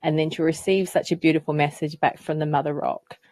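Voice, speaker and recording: Low-voiced New woman, dry sound. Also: a little fast, no room sound. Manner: animated, spiritual storytelling. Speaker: guest. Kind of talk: casual storytelling and poetry reading. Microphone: video call.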